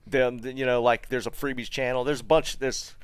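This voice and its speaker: A man's voice: medium pitch, smooth, dry recording. Chatty man streaming to chat. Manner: relaxed, chatty, halting with many fillers and restarts. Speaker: streamer host. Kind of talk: casual live-stream chat.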